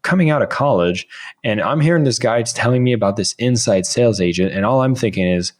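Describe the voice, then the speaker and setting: A man's voice: fairly low pitch, lively intonation, brisk. A man in his thirties, a podcast guest, telling a casual story and acting out his own past lines.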